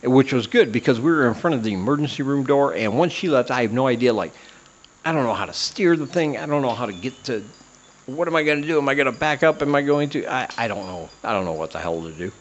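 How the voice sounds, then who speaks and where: A man's voice: medium pitch, lively intonation, fast, muffled recording, slight background noise. A man hosting a comedy podcast, telling a self-deprecating personal story in a rambling way, with many "uh" fillers. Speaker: podcast host.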